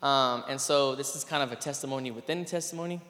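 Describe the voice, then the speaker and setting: A man's voice: mid-range voice, fast talker, a bit bright. Earnest man speaking in a reverberant hall. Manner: casual and earnest, many fillers and restarts. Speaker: PE teacher. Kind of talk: spoken testimony to an audience.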